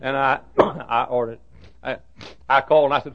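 A man's voice: medium pitch, fairly even intonation, moderate pace, no echo. A man preaching to school staff in a folksy sermon, telling humorous stories with self-deprecating asides. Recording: dull lo-fi recording.

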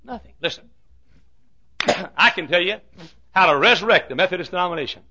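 A man preaching a fiery sermon, swinging from shouts to hushed asides. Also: high-pitched, lively intonation, brisk. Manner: fiery preaching with sudden shouts and drops to quiet. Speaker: pastor.

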